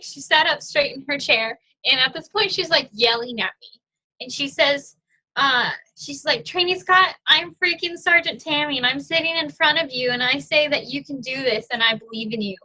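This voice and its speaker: Bright-voiced young woman giving a testimony. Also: fairly high pitch, low-quality recording. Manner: casual and chatty, many fillers, laughs often. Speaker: guest speaker. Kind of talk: personal testimony talk.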